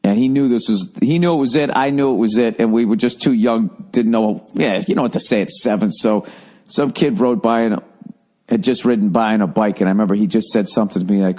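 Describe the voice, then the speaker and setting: A man's voice: fairly low pitch, fast talker, a little mellow. A man in his forties, a comedian hosting his podcast, telling a rambling, profane story in a sarcastic, casual monologue. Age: 40s.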